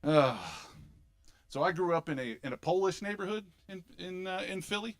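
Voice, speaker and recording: A middle-aged man from Philadelphia with a Philly accent, doing an animated, punchy stand-up comedy set on a club stage. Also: sits high, moderate pace. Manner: animated, punchy delivery with sudden loud bursts.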